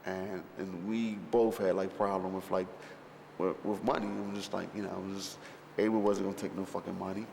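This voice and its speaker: A man's voice: lowish voice, creaky, a little mellow. A man in an interview, telling stories in a rambling, profane way and packing his talk with fillers. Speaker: rapper recalling a film shoot. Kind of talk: interview reminiscence. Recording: roomy space with long reverb, faint background noise.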